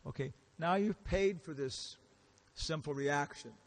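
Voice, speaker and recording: A man's voice: fairly high pitch, a little slow. A man giving a casual, storytelling lecture in a temple hall, acting out the characters he quotes and asking the audience questions. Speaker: visiting lecturer.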